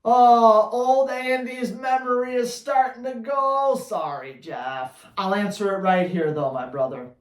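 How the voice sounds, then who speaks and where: A man who trains dogs, answering viewer questions on a live Q&A in a blunt, energetic, slangy way. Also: very high voice, unhurried, few pauses, echoey room. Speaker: dog trainer.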